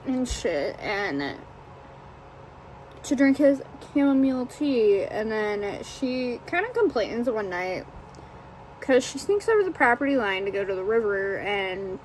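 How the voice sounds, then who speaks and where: In a low-quality recording with slight background noise, a woman book reviewer rambles casually and profanely about a book she read, full of fillers. Her mid-range voice is sing-song and slow, and she pauses often.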